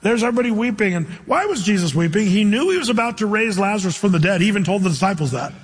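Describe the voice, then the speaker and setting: A male pastor preaching a sermon in a lively, conversational way, with jokey asides. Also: high voice, very fast, husky, in a large hall.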